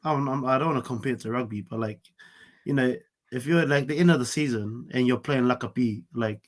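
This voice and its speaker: A man's voice: mid-range voice, a little fast. A man, a teacher guesting on a podcast, laid-back and joking with many fillers. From Samoan heritage, New Zealand. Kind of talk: casual chat.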